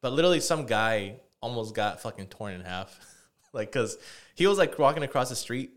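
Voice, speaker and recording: A man's voice: medium pitch, animated, normal speed. Casual swearing storyteller man. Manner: rambling, heavy swearing, many fillers. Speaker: podcast co-host.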